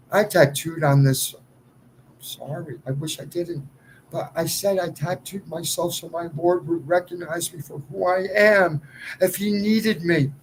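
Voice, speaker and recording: A man delivering an impassioned, rambling monologue straight to his viewers, swinging between shouting and muttering. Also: a little high, slight background noise, poor audio. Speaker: video poster.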